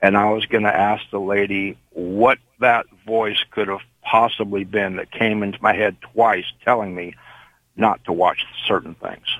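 Older male caller, low-pitched, rambling storyteller on a dry phone line. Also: steady tone, a little slow, no room sound. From Indiana. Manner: rambling storyteller with many fillers. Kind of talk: phone-in call.

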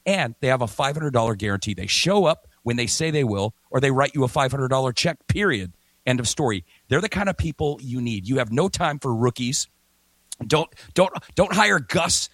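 A man hosts a morning radio talk show remotely from a hotel or home setup, chatting energetically and reading ads with emphatic repetition. His voice is medium-pitched and a bit bright, with no room sound.

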